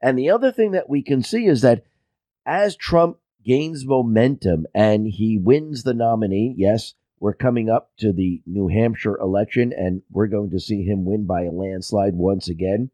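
A man giving political commentary in a steady, explaining way, heard in a played clip. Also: on the low side, moderate pace, no room sound.

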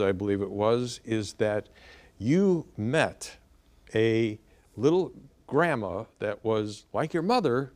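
A man hosting a TV interview, prompting his guest with guiding questions. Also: medium pitch. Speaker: host, interviewer.

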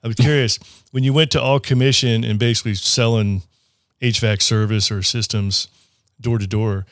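A man's voice: mid-range voice, steady tone, normal speed, a bit bright, dry recording. Laid-back male podcast host, dry sound. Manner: friendly, laid-back questioner. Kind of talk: interview.

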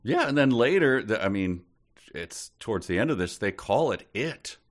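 A man co-hosting a podcast, chatting in an animated, incredulous, jokey way. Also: fairly low pitch, normal speed. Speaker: podcast co-host. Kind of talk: casual chat.

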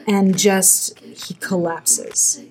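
A woman, a podcast guest, talking about a film in an animated, earnest way at length. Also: medium pitch, extremely slow. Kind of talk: casual film discussion.

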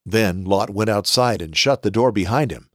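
A man hosting a podcast, reading scripture aloud in a measured, expressive way. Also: lowish voice, no echo, clean studio sound.

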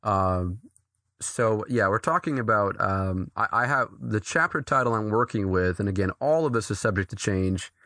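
A man from New England, an author and pastor, talking earnestly as an interview guest, with quick restarts and frequent laughs. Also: fairly low pitch, fairly bright tone, dry recording, clean studio sound.

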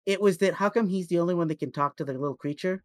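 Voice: mid-range voice, fast talker, dry recording. A podcast guest in casual chat, telling anecdotes animatedly. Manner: animated storyteller.

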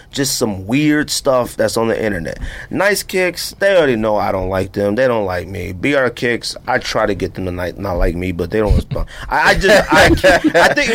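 Animated, ranting man on a podcast. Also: medium pitch. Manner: animated ranting, frequent "like" fillers. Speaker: podcast co-host. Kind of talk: casual podcast chat.

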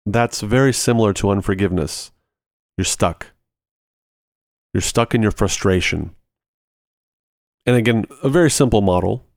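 Low-voiced man teaching in a lively way. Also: moderate pace, vocal fry, pauses often, no echo, clean studio sound. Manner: talks through everyday examples step by step; lively, repeating short phrases for emphasis. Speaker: ministry podcast host. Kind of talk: conversational teaching.

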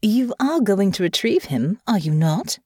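A woman voicing a poised young noblewoman who speaks smoothly, dryly and persuasively. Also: mid-range voice, sing-song, measured pace, darkish tone, no echo, studio quality.

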